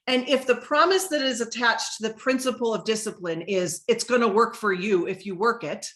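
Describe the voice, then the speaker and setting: Hosting a live motivational session, a middle-aged woman recounts something from her own life, raising her voice higher whenever she acts out quoted lines. She speaks at a moderate pace with a fairly bright tone.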